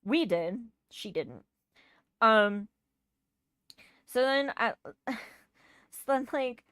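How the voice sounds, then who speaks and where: Woman, streamer, storytime rant, exasperated, swearing, clear smooth voice, dry close sound. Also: mid-range voice, measured pace, fairly bright tone, no room sound.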